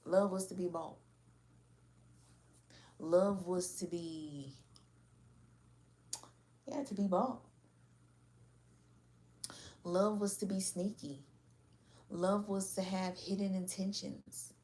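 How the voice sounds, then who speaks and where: A woman's voice: medium pitch, steady tone, slow pace, long pauses, mellow. A woman giving a casual spoken reading in a blunt, slangy, frank manner. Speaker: tarot reader.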